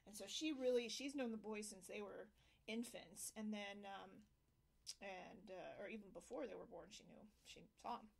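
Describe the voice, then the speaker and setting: A woman's voice: moderate pace, vocal fry. A woman hosting a casual home interview, telling a story and acting out quotes with lots of fillers. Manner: animated, acts out quotes in higher voices. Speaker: host.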